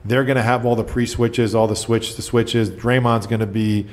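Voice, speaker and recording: A middle-aged basketball coach with a medium-pitched voice tells stories in casual conversation at a normal speed. He's an animated storyteller who acts out the people he quotes.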